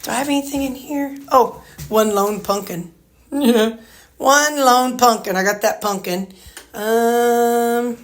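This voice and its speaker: A woman with a Missouri accent and a medium-pitched voice gives a loose, chatty home tour vlog, wandering off topic and pausing to speak sweetly to her dogs. She films on a handheld phone inside her own house.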